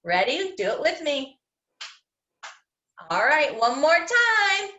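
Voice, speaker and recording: High, bouncy woman teaching phonics. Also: sing-song, bright, forceful tone, highs cut off. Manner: slow, sing-song, sounding out each letter. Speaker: kindergarten teacher. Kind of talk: phonics lesson for young children. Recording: echoey room.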